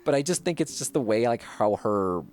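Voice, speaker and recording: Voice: medium pitch, lively intonation, moderate pace, a little mellow. A gaming streamer giving chatty, giggly play-by-play commentary with lots of fillers. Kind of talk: casual gameplay commentary.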